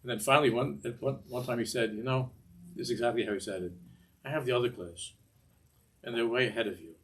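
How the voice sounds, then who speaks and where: A man's voice: mid-range voice, fairly even intonation, rapid-fire, fairly bright tone, a little hiss or hum. An older man teaching a Torah class in a discursive way, often repeating words and mixing in Hebrew phrases.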